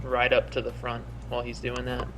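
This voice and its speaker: A man playing a tabletop game, describing his actions in a measured, matter-of-fact way. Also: medium pitch, monotone, a bit bright, slight background noise. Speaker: player. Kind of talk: casual tabletop game chat.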